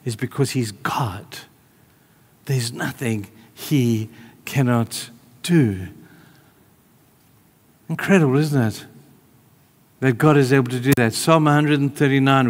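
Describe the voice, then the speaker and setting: A male preacher delivering a sermon, telling a story in an animated way, moving between hushed and raised delivery. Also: medium pitch, long reverb tail.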